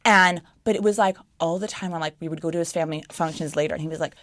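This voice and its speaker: A young woman with a lowish voice, talking in a blunt, animated way full of "like". She is hosting a casual podcast chat. The studio sound is dry and close. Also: quick pace, few pauses, no room sound. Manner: blunt, animated storytelling with lots of "like". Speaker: podcast host.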